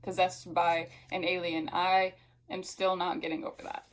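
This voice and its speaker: Blunt young man, protective, outspoken, middle pitch, as read by a woman. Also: steady tone, normal speed, a little hiss or hum, close to an everyday voice, low-quality recording. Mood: indignant.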